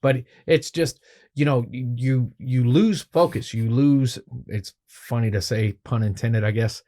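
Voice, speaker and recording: A man's voice: medium pitch, unhurried, dark tone. A man, a photographer, casually telling a rambling, swearing anecdote on a podcast. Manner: rambling, profane, laid-back anecdotes. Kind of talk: casual storytelling.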